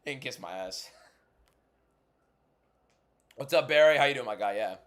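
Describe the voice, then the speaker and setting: A man hosting a casual fight watchalong livestream, blunt and bantering as he answers chat, moving between a subdued inside voice and loud hyped delivery. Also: medium pitch, expressive, unhurried, pauses often. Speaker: MMA content creator and livestream host.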